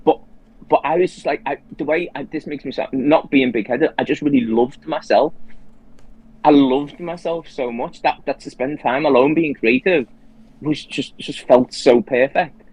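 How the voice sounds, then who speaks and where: A man's voice: mid-range voice, normal speed, darkish tone, slightly rough, no echo, low-quality recording. A man as a guest in a casual conversation, telling a personal story earnestly and quoting his own inner thoughts aloud.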